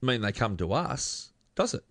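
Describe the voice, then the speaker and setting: Animated Australian man, lively pitch. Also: moderate pace. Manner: animated, rising to high exclamations. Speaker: podcast co-host. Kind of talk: casual footy chat.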